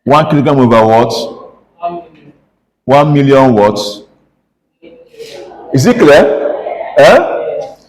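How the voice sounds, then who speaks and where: A man's voice: medium pitch, lively intonation, slow, long pauses, a little mellow, rough recording. A Nigerian-accented man teaching pharmacy calculations in class, drilling students with constant call-and-response questions. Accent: Nigerian English. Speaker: pharmacy lecturer. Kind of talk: classroom lecture.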